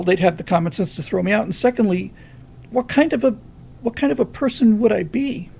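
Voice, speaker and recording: Guy hosting a live stream, kinda husky breathy voice, rambles a lot, lots of ums and restarts. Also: sits high, a little mellow. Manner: rambling, with many fillers and restarts. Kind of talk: casual political commentary monologue.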